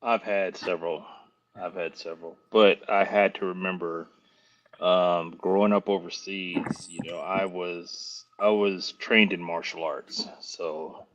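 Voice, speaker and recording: A male guest on a casual chat stream telling animated stories and acting out the voices of other people. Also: low voice, unhurried. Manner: animated, acts out quoted voices. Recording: dull lo-fi with faint hiss.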